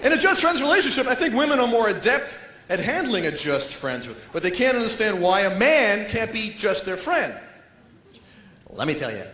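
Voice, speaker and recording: A man doing a stand-up comedy set, talking in an animated way and jumping into silly character voices. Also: high-pitched, moderate pace. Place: comedy stage before a live audience. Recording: echoey stage with faint noise.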